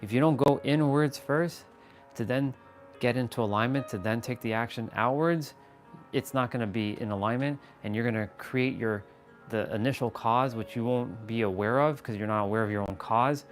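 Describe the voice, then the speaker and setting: A man's voice: mid-range voice, normal speed, faint music behind. A man on a motivational livestream, talking with emphatic repetition, playful mock-scolding asides and casual swearing. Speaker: motivational live streamer.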